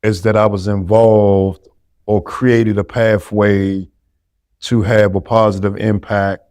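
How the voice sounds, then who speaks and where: Deep-voiced earnest man, dry close sound. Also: flat delivery, takes it slowly, darkish tone, clean tone, no room sound. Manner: earnest, encouraging, direct. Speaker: podcast guest. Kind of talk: earnest interview answers.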